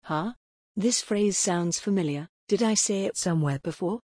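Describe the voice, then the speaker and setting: Woman reading naive excitable young man, husky, lowish, dry audiobook sound. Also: normal speed, no echo. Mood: cheerful.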